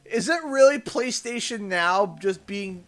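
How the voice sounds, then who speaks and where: A man's voice: high voice, animated, unhurried, fairly bright tone. A man in his thirties chatting casually while livestreaming a game, a chatty storyteller who laughs and acts out voices. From Canada. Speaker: livestreaming gamer.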